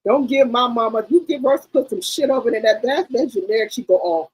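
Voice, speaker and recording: A middle-aged woman hosting a livestream, telling stories in a casual, animated, slangy chat and often repeating herself. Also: fairly high pitch, a little fast, husky, rough recording. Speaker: livestream host.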